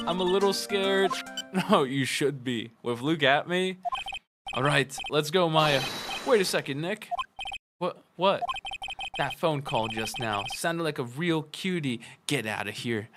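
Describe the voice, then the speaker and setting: A let's play host voicing several characters in a playful read-along of a game, switching voices and joking between lines. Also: mid-range voice.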